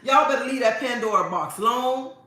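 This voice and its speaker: A woman's voice: fairly high pitch, lively intonation, a little fast, bright, forceful tone. A woman hosting a livestream, talking to viewers in a sassy, preachy way and repeating her phrases. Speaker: livestream host. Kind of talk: casual livestream talk to viewers. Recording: very echoey room.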